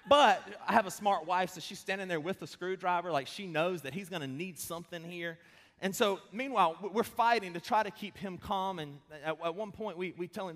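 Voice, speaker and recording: Pastor in his thirties, conversational preacher, funny then slow and emphatic, fairly high-pitched man. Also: fairly bright tone. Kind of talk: sermon. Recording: long hall reverb.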